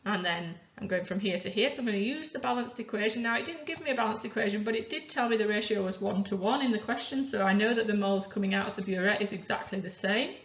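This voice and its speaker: A woman chemistry teacher calmly talking through worked examples step by step. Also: mid-range voice, fast talker, few pauses, slight background noise. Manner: methodical, talks through each step aloud. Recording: roomy, dull lo-fi sound.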